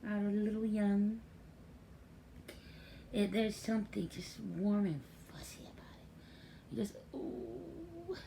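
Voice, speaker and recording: Older woman, grandmother type, gravelly and mellow, chatty storyteller. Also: mid-range voice, slight background noise. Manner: chatty, acts out quoted voices. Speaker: grandmother and caregiver. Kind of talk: casual storytelling vlog.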